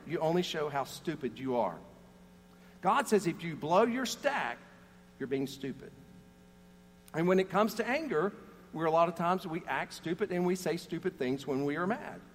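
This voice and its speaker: A man's voice: on the high side, in a large hall, a little hiss or hum. A man preaching a sermon, telling jokes and stories between scripture readings. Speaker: pastor.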